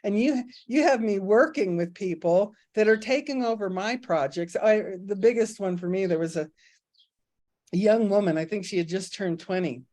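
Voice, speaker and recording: A middle-aged woman talks frankly and mocks herself, telling personal stories in a loose, conversational way. Her voice sits at an ordinary middle pitch for a woman, and she often breaks into laughter. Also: moderate pace, mellow. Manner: candid, self-mocking, laughs often. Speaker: spiritual teacher. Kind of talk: casual spiritual talk with storytelling.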